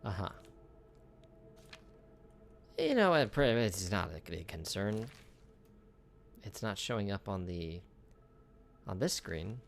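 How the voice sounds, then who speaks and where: A man's voice: fairly low pitch, sing-song, slow pace, creaky, pauses often, slight background noise. A man chatting casually through a video game, joking with the enemies he fights. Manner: chatty, jokes with on-screen enemies. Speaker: gameplay streamer. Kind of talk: casual gameplay commentary.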